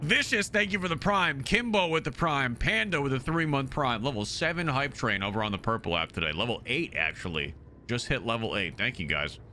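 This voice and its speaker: Brash, lively young American streamer. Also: male voice, mid-range voice, fairly quick, a little hiss or hum. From United States. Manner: brash, profane, joking; reads and answers chat aloud. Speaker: game streamer. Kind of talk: casual live-stream chat.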